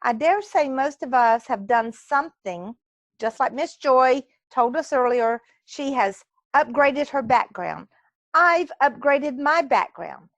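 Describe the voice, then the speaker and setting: Slow-talking woman w/ a high voice, earnest, on a video call from home, dry sound. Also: animated, dry recording. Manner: slow, earnest, faith-minded. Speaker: club speaker. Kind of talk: inspirational speech on a video call.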